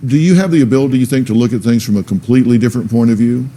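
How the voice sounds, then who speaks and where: A man's voice: mid-range voice, very fast, warm tone. A man hosting a talk show on a studio stage, questioning a guest in a blunt, probing, sarcastic way.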